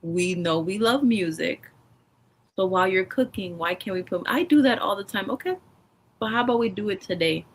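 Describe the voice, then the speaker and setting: A woman's voice: mid-range voice, normal speed, slight background noise, low-quality recording. A woman co-hosting a podcast, casually telling stories and acting out the lines of the people in them. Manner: animated storyteller who acts out quoted dialogue. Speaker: podcast co-host. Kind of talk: casual chat.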